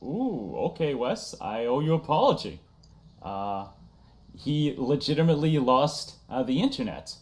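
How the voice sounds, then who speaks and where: A man's voice: medium pitch, very animated, moderate pace. A man hosting a casual livestream chat, talking loosely, laughing often and reading chat messages aloud. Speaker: streamer host.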